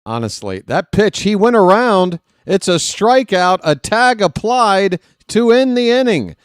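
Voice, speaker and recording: Man, live baseball play-by-play, jokey and rambling, slow-talking, dry close-mic sound. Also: sits high, big pitch swings, clean tone, dry recording. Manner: rambling, jokey, self-deprecating, slips into impressions. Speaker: play-by-play streamer.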